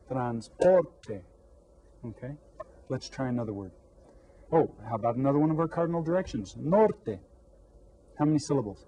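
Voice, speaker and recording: A man teaching a lesson to young pupils, repeating words slowly and clearly. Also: mid-range voice, dark tone, a little hiss or hum, low-quality recording. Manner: slow, drawn-out repetition of words. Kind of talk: classroom lesson to children.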